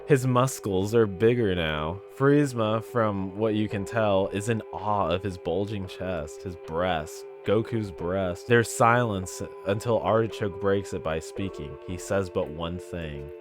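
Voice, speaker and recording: A man's voice: deep voice, unhurried, hardly any pauses, music in the background. A man reading a story game's text aloud, making joking remarks between the lines. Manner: reads narration, breaks into laughs and jokes. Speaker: gamer playing a text game.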